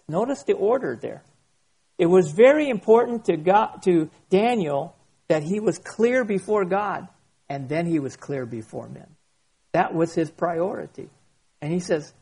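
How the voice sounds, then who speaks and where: A man who is a pastor, preaching a sermon and reading scripture aloud slowly and expressively. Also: a little high, animated, creaky, a little mellow, breathy edge.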